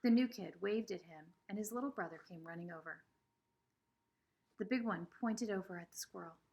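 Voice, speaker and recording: Husky woman reading a children's novel. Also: medium pitch, normal speed. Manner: expressive, shifting between voices. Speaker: reader.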